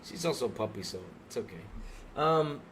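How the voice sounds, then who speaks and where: A man's voice: mid-range voice, animated, moderate pace, background noise. A man co-hosting a gaming podcast, ranting heatedly and exasperatedly at his audience with rhetorical questions. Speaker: podcast co-host. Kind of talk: ranting livestream podcast talk.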